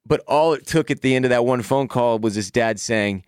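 A man co-hosting a podcast in casual chat, opinionated and animated, cutting in on his partner. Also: mid-range voice, moderate pace, clear, resonant tone, no room sound, clean studio sound. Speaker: podcast co-host.

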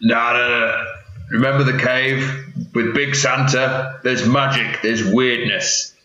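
A man's voice: medium pitch, steady tone, takes it slowly, highs cut off. A man playing a tabletop game, talking insistently to the other players. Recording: echoey room with loud crowd.

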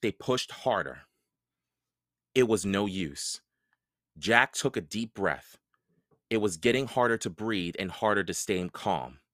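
A man reading a children's book aloud, narrating in a slow, expressive storytelling way. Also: on the low side, no echo, studio quality.

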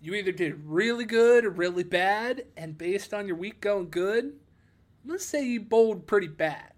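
A man's voice: high-pitched, lively intonation, moderate pace. A man co-hosting a podcast, joking in casual chat and laughing often. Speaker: podcast co-host.

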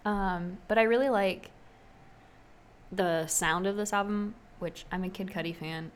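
A woman's voice: medium pitch, unhurried. A young woman co-hosting a podcast, talking casually about music with frequent ums. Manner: relaxed, hesitant with many ums. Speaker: podcast co-host. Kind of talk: casual chat.

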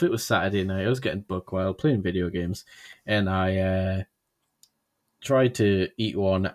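A young man with a Birmingham accent, co-hosting a podcast and telling a rambling story in casual chat. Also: fairly low pitch. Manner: rambling storyteller, slows down for emphasis. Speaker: podcast co-host.

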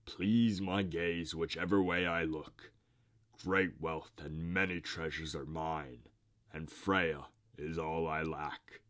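A man playing a deep, gloating giant. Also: steady tone, a bit bright, dry recording, exaggerated voice. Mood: boastful. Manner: slow, gloating boasts. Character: boastful male frost giant, greedy and gloating.

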